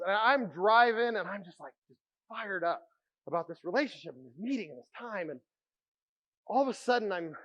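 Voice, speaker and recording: A man preaching a sermon as pastor, telling stories with animated energy and dropping to a hush for quiet moments. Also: high voice, muffled recording. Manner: animated storytelling, drops to a hushed voice for quiet moments.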